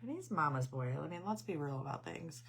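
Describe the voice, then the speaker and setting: Middle-aged lady rambling on a craft live stream, lowish voice, keeps saying hi to viewers. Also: lively intonation, fairly quick, gravelly, a little hiss or hum. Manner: chatty, rambling family storytelling; greets viewers mid-story. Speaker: craft channel host. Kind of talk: casual live-stream chat.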